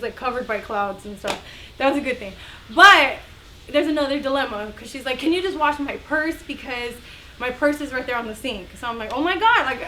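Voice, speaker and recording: A young woman telling a story in a casual vlog, chatty and animated, acting out the other people's voices. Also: a little high, a little hiss or hum. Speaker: vlogger.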